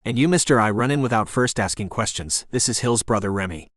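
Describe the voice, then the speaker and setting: A male audiobook narrator voicing a blunt, bossy young woman who keeps trying to break up a fight, with a sharp and impatient delivery. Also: medium pitch, lively intonation, brisk, no echo, clean studio sound. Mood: exasperated. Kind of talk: audiobook character voice.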